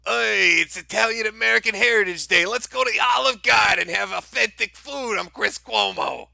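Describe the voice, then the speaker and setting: A man's voice: sits high, moderate pace, gravelly, no echo, pitched above the performer's own voice, exaggerated voice. A man putting on a mocking impression of a blustering male news anchor full of tough-guy bravado. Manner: loud mocking shout.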